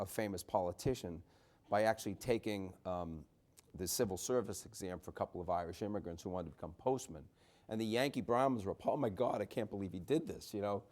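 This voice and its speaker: A man's voice: fairly low pitch, a little mellow. A middle-aged man from the Boston area, an author speaking at a book talk in a chatty, storytelling way with many restarts and wry asides. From Boston area, USA. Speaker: author and journalist.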